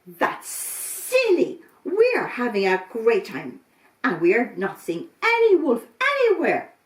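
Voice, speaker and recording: Cheeky young rabbits played by a woman, squeaky and high, coaxing, storybook reading in an echoey room. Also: huge pitch swings, normal speed, exaggerated voice. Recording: roomy, from a distance.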